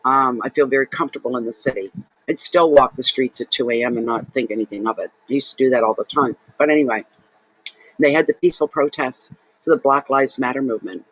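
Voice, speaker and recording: A man's voice: medium pitch, fairly bright tone, no echo, low-quality recording. A man, a tarot reader and channel host, talking to camera in an emotional, rambling, heartfelt way. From Saint John, New Brunswick, Canada. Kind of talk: casual personal monologue to camera.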